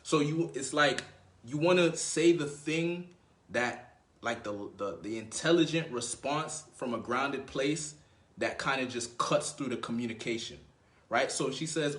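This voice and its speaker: Guy giving dating advice casually, thinking out loud, roomy echoey sound. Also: medium pitch, unhurried. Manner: thinks out loud, conversational, checks in with listener. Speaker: dating coach. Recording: roomy echo.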